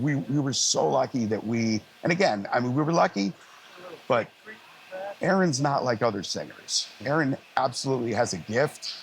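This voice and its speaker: Middle-aged male sound guy, interview guest; casual anecdotal delivery, voices other people in a raised pitch; mid-range voice. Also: slight background noise. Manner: animated anecdotes, acting out others' lines in a raised voice; frequent fillers and restarts, easygoing.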